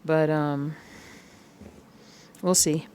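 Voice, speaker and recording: A woman chatting casually while she stitches, rambling through everyday stories and sometimes humming or singing softly along to music. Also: low-pitched, fairly even intonation, drawn-out words, a little hiss or hum. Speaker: cross-stitch vlogger.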